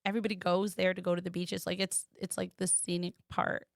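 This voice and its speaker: A woman from the United States telling a personal story as a podcast guest, animated and quoting others in lively voices. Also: lowish voice, a little fast, vocal fry, dry recording.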